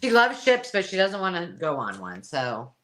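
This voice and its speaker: A woman's voice: lowish voice, huge pitch swings, moderate pace, fairly bright tone. A woman co-hosting a live craft supply sale, chatting casually and rambling with restarts. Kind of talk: casual live-stream chat.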